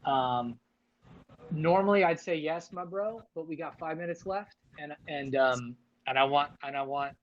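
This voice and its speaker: A man's voice: a little high, measured pace, highs cut off. A man hosting a casual livestream chat, talking loosely with many fillers and restarts. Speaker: livestream host.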